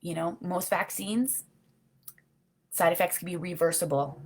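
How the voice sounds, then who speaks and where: A middle-aged livestream host with a fairly low pitch talks at a measured pace over slight background noise. Her casual, rambling replies to viewer comments are earnest and heartfelt, full of "you know."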